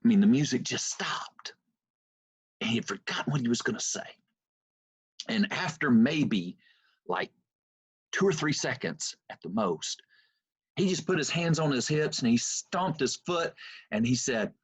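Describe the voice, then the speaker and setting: A man giving a lecture on a video call, telling stories in an animated, conversational way with many fillers. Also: medium pitch, moderate pace, slightly rough, no room sound. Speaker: university lecturer. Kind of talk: storytelling lecture. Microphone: computer mic on video call. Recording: muffled Zoom audio.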